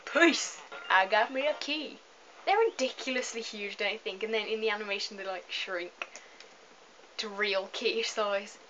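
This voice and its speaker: A woman's voice: medium pitch, measured pace, fairly bright tone. A young woman chatting casually and rambling while playing a video game at home, filmed on a camera mic as she moves nearer and farther from it. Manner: chatty, giggly, rambling asides. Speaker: let's play gamer. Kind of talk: casual gameplay commentary. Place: home room, moving away from the camera at times. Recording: dull lo-fi camera audio with faint hiss.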